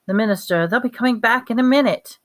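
A woman reading aloud and voicing a frightened teenage girl who talks in breathy, urgent whispers. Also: fairly high pitch, fast talker, voice pushed up, close to an everyday voice.

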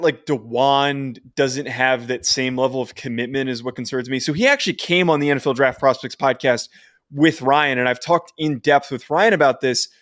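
A man's voice: mid-range voice, dry recording, clean studio sound. A man co-hosting a football podcast in a casual chat, enthusiastic and prone to voice cracks. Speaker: podcast co-host.

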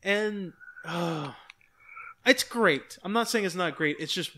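A man's voice: high voice, slow pace. Rambling, profane podcast man. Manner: rambling, profane, animated retelling with quoted voices. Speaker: podcast co-host. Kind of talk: casual movie review chat.

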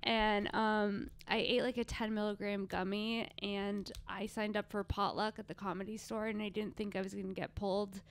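A woman's voice: mid-range voice, flat delivery, normal speed, vocal fry, hardly any pauses, clear, resonant tone. A woman from Southern California, a stand-up comedian chatting casually as a podcast guest and telling stories in a laid-back way.

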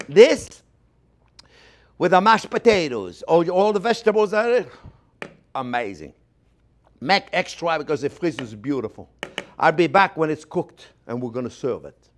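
French chef guy, kinda high voice, chatty and playful, teaching a recipe. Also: measured pace, pauses often, a little hiss or hum. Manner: animated, chatty, playful with sound effects and exclamations. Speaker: cooking show host, chef teaching. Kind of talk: casual cooking demonstration.

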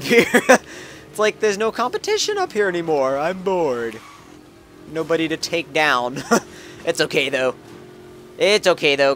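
A man hosts a gaming channel, delivering loose, meandering let's-play commentary in a slightly high voice. He chuckles between thoughts and now and then bursts out with sudden excitement.

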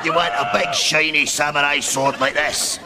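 An actor playing a boastful, aggressive Scottish hard man who talks like a pushy pitchman. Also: steady tone, normal speed, heavy background noise, close to an everyday voice. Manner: bragging, aggressive, pitchman patter.

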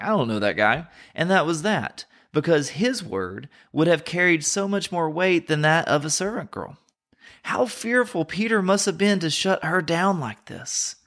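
A man's voice: a little high, fairly bright tone. A man from North Carolina with a Southern American accent, hosting a podcast and giving an earnest, reflective Bible teaching. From North Carolina, USA.

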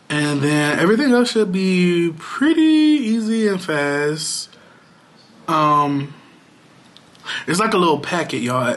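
A man's voice: mid-range voice, fairly bright tone. A man talking casually to his viewers in a home vlog, playful and loose with slang and fillers. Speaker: vlogger. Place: home, at his computer and kitchen.

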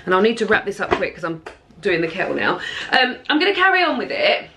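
A woman's voice: medium pitch, very animated, fast, background noise. An English woman vlogging casually from her kitchen at home, chatty and rambling, with the odd casual swear. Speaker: book vlogger. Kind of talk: casual rambling vlog chat. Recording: echoey room.

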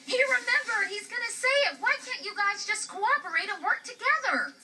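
A woman's voice: very high-pitched, lively intonation, a little fast, far from the mic, very noisy. A woman voicing a friendly female kitty hosting a children's puppet show, eager and coaxing. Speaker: host.

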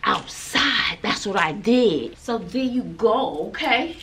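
A woman vlogging in a casual, chatty way, playful and quick to exclaim and laugh. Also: medium pitch, animated, sharp tone, a little hiss or hum. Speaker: vlogger showing her outfit.

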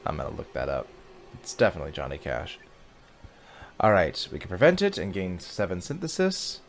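A man's voice: sits low, sing-song, fairly quick. A man hosting a casual gaming video, chatting and reading game text aloud as he plays. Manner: chatty, reacts aloud and sings snatches of songs.

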